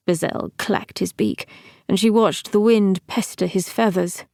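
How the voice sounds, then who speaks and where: A woman reads a fantasy novel aloud in a steady, measured way. Her pace is slow and unhurried, her pitch sits in the middle, and the recording is dry with no room around her voice. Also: creaky, no echo. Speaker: audiobook narrator. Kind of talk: scripted narration.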